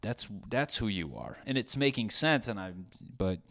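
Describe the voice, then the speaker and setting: A man's voice: on the low side, sing-song, moderate pace, gravelly, a bit bright, slight background noise. A young man, a stand-up comedian, talking casually and profanely in rambling, self-deprecating asides.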